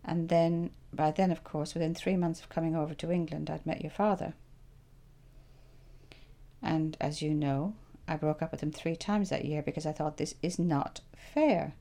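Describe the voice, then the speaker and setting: A woman's voice: sits low, normal speed. An Irish woman in her sixties, telling stories from her own life in an interview and acting out her past thoughts as she goes. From Ireland. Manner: animated storyteller who acts out her own past thoughts. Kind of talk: reflective personal storytelling.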